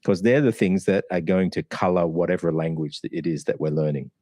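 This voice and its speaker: An Australian man coaching pronunciation, slowly sounding out words and breaking down how each sound is made. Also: low-pitched, fairly even intonation, dark tone, no echo, studio quality. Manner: slow, deliberate, sounds out words to demonstrate. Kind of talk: pronunciation analysis.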